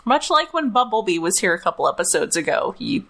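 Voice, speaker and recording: A woman's voice: medium pitch, big pitch swings, brisk, fairly bright tone. A woman co-hosting a casual podcast, chiming in with enthusiastic fan remarks. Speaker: podcast co-host. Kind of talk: casual episode discussion.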